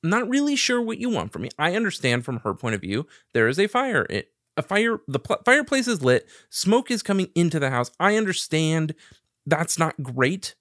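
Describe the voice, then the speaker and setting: A man's voice: a little high, big pitch swings, normal speed, a bit bright, dry recording, studio quality. A man telling a long story in casual, profane chat, laughing as he goes.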